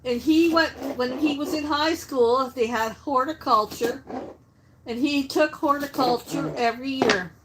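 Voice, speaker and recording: A woman's voice: sits high, unhurried, heavy background noise. A woman hosting a casual cooking livestream, chatting and answering viewer comments as she works. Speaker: livestream host. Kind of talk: casual live-stream chat while cooking.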